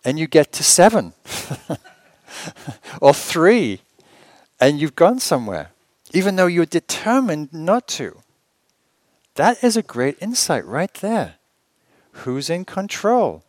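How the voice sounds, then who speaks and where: A man teaching meditation at a retreat, talking conversationally and asking rhetorical questions with gentle humor. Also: on the high side, big pitch swings, slow, pauses often, no echo. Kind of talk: retreat dharma talk.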